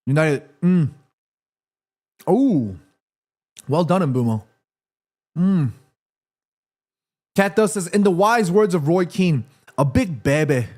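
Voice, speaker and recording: Excitable high-voiced male stream host. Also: slow pace, pauses often. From Korea. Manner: chatty, reads chat aloud, excited shouts at match action. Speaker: streamer hosting a football watchalong. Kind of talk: live stream watchalong chat and commentary.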